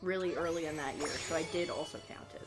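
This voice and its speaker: A woman's voice: sits low, quick pace. A young woman chatting casually while streaming a video game, rambling and easily sidetracked. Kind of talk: casual gaming chat. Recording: game music behind the voice.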